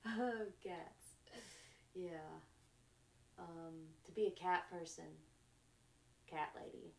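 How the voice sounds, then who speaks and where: A woman hosting a spiritual talk show, musing slowly in short trailing phrases and laughing often between thoughts. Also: lowish voice, fairly even intonation, creaky, a little mellow, reverberant. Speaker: podcast host. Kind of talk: reflective spiritual monologue.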